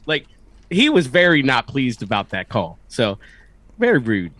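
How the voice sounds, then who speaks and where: A man co-hosting a podcast in casual chat, animated and fond of mimicking others. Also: medium pitch, measured pace, no echo. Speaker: podcast co-host.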